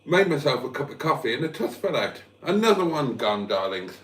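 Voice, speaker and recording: Hungover and lisping, a man vlogs live from his room at home, mocking himself in a casual chat. His mid-range voice is very animated and fairly quick, with few pauses. It's captured from a distance, giving a roomy, off-mic sound.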